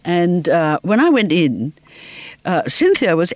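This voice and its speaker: A woman from Liverpool, England appears as an interview guest, telling funny anecdotes and laughing often. Her lowish voice swings hugely in pitch at a slightly slow pace, in a dry recording.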